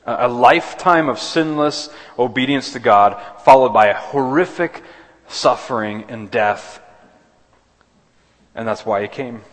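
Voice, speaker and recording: A man's voice: medium pitch, unhurried. A man preaching a sermon as pastor, earnest, often restarting and repeating words. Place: church sanctuary. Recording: long hall reverb.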